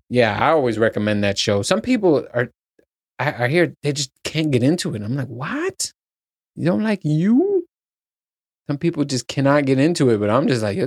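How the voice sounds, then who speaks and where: A man hosts a podcast alone in a loose, rambling chat, and he swears as he goes. His voice sits at an ordinary middle pitch, and the sound is close and dry with no room echo. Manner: rambling, profane, laughs at his own points. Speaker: podcast host. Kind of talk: casual solo chat.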